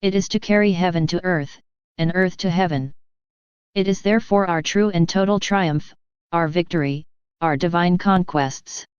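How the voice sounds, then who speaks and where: Woman reading as jesus, low smooth voice, slow and solemn, dry dull lo-fi sound. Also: darkish tone, no room sound, natural voice. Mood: tender. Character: Jesus speaking tenderly to a soul, male. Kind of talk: devotional reading.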